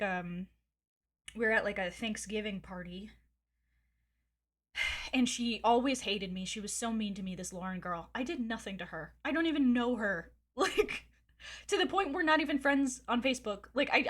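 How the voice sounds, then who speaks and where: A woman's voice: medium pitch, a bit bright. A woman streamer chatting casually, telling a gossipy story candidly with frequent swearing and laughs. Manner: rambling with fillers and laughs. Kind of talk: casual chat.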